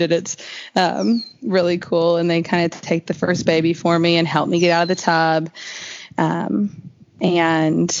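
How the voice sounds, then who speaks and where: A woman telling a long personal story as an interview guest, in a rambling, chatty way full of "like". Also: on the low side. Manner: chatty, rambling, heavy use of "like". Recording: slightly dull lo-fi recording.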